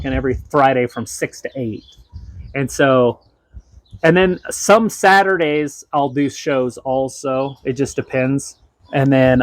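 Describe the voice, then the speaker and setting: A man's voice: medium pitch, dry recording, rough recording. A man talking casually in a counseling session. He rambles, stumbles over his words, restarts sentences and laughs often. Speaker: counseling client and live streamer.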